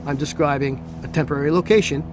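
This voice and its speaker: Talking fast over a noisy background, this New Jersey man has a high-leaning voice with fairly even intonation and an American accent. In his Italian lesson he switches between the two languages, going over examples again with patience.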